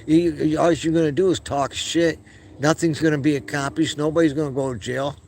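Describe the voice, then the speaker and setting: A man's voice: on the high side, fairly even intonation, a little fast, vocal fry, darkish tone, a little hiss or hum. A man hosting his own video channel, speaking in a heated, profane monologue and often stumbling and restarting his words. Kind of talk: casual ranting monologue.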